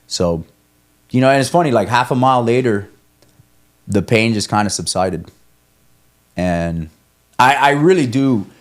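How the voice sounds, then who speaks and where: A young man talking candidly on a podcast, rambling and swearing as he tells a running story, often restarting his sentences. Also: on the low side. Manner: rambling, profane, self-coaching, frequent restarts. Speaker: guest, ultramarathon runner. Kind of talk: candid conversational podcast talk.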